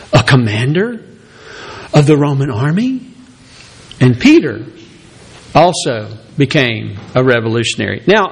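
A man preaching a sermon as pastor, who acts out voices of the people in his story. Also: husky. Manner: animated preaching, acts out Peter's reluctant excuses in a high voice.

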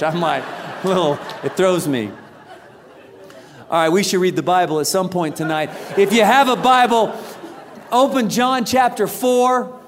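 A man with a high voice preaches a sermon in a large church auditorium. He tells his story with humor and acts out the quoted lines. His words ring with a long hall reverb. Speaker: pastor.

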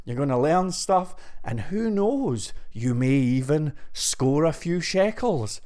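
A man's voice: a little high, lively intonation, slow pace, dark tone. Breathless, chatty man vlogging to viewers. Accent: non-American English. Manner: chatty and rambling, addresses viewers directly. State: out of breath from pacing. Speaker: web development vlogger. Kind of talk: casual to-camera vlog. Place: indoor room.

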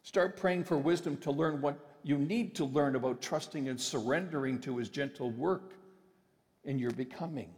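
A man's voice: mid-range voice, a little mellow. Emphatic male preacher in an echoing hall. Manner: emphatic, with deliberate slowed phrases. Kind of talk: sermon. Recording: long reverb of a large hall.

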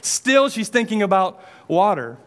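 High-voiced male pastor preaching casually. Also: sing-song, measured pace. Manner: conversational, storytelling with casual asides. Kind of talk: sermon. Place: church.

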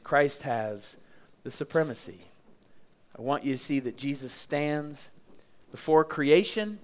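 A middle-aged male pastor from Oklahoma preaching a sermon, emphatic and dramatic, building his points with repetition. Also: medium pitch.

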